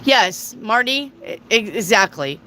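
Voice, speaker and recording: A woman doing a live tarot reading from home, fielding questions from viewers in a blunt, offhand manner and swearing now and then. Her voice is bright and forceful, set at an average pitch. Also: expressive, takes it slowly, slight background noise, rough recording. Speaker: tarot reader.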